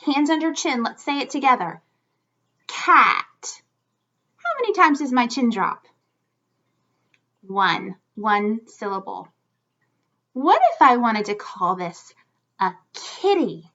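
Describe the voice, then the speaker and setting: A woman teaching a children's lesson, speaking clearly and slowly as she demonstrates for young learners. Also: a little high, very animated, a bit bright. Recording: slightly dull lo-fi sound.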